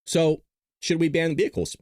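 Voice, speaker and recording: A man hosting a live stream, talking to the chat in a blunt, casual, combative way and often clearing his throat. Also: fairly high pitch, moderate pace, a little mellow, dry recording, studio quality. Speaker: show host. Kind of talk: livestream commentary to a chat.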